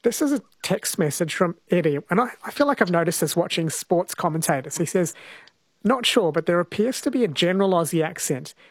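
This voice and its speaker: A radio host with a New Zealand accent talks casually and reads listener texts. His voice sits a bit high for a man. The sound is dry and close. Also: lively intonation, fairly quick, no echo. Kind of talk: radio talk.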